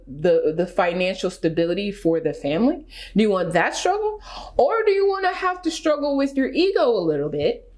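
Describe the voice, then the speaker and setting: A woman vlogger giving casual reaction commentary, emphatic and animated, full of rhetorical questions. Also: fairly high pitch.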